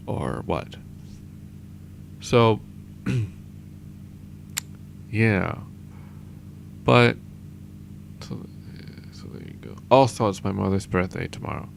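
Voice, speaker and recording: Young guy doing a gloomy audio diary, low gravelly voice, trails off a lot, faint hiss behind. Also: expressive. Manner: downcast, halting, self-deprecating. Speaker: vlogger.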